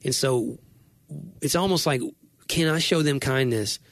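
A man's voice: medium pitch, a little slow, no room sound, studio quality. A man co-hosting a casual Christian conversation, speaking earnestly and rambling, often correcting himself mid-sentence. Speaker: Christian podcast co-host.

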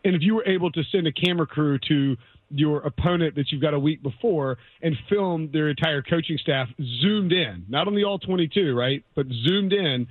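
A man's voice: a little high, normal speed, no echo. A man co-hosting a sports radio show, casual and sarcastic, rambling with frequent restarts. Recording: tinny phone-like radio audio.

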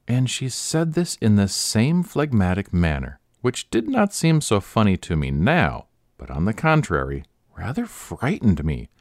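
Deep-voiced male story narrator. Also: huge pitch swings, moderate pace, darkish tone, dry recording, studio quality. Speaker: podcast host and story reader. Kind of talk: scripted narration.

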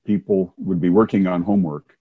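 Older guy, deep husky voice, minister chatting about his life, chuckles a lot. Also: steady tone, a little fast, phone-quality sound. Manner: warm anecdotal storytelling with chuckles. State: hard of hearing, wears hearing aids. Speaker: Methodist minister and former science teacher. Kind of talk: casual interview storytelling.

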